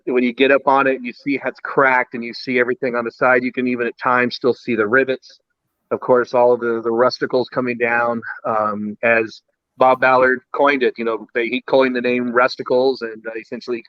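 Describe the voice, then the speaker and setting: A man's voice: medium pitch, fairly quick, no echo. A man, a guest, casually telling an anecdote and acting out the voices of the people in it. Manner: animated, acts out quoted voices. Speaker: guest storyteller. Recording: dull lo-fi sound.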